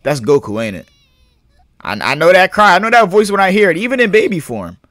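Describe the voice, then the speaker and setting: A young adult man giving casual let's-play commentary, slangy and excitable, hyping and yelling at the game as he plays. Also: high voice, fairly quick, no echo, clean studio sound. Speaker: gaming YouTuber.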